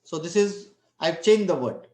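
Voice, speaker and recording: A man's voice: on the high side, lively intonation, normal speed, mellow, reverberant. A man giving an online lecture, explaining step by step with restarts and frequent "right?" checks. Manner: explains step by step, many restarts and tag questions.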